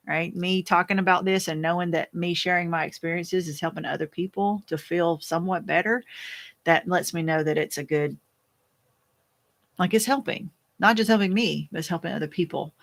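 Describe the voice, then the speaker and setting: A woman hosting a casual live chat, reading viewer comments aloud and answering them in a rambling, fast-talking way with frequent laughs. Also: lowish voice, a bit bright. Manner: chatty and rambling, laughs often, many restarts; talks fast by habit. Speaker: host.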